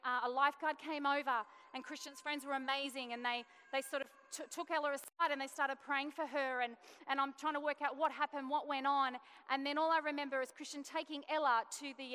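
A woman's voice: high voice, bright, forceful tone, clear, resonant tone. A woman giving an earnest, emotional personal testimony as a mother, with frequent restarts. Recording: long reverb in a large hall.

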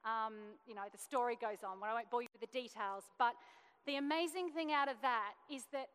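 A woman's voice: fairly high pitch, fairly quick, a bit bright, smooth. A woman in her thirties giving a testimony sermon, telling a family story earnestly and acting out the dialogue. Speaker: church speaker sharing testimony. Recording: long hall reverb.

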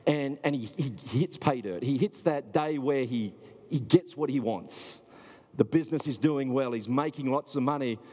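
Male pastor, husky voice, chatty sermon, long hall reverb. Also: medium pitch, a little mellow. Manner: conversational preaching with filler words and restarts.

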